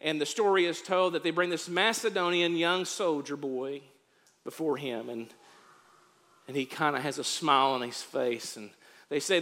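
A man preaching as a pastor, moving from quiet storytelling to rising exhortation. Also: a little high, moderate pace, in a large hall. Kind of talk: sermon.

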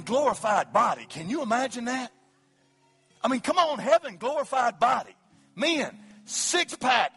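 A man preaching an evangelistic sermon at a church service, his delivery swinging from hushed pleading to loud shouting. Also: very high-pitched, husky. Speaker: pastor.

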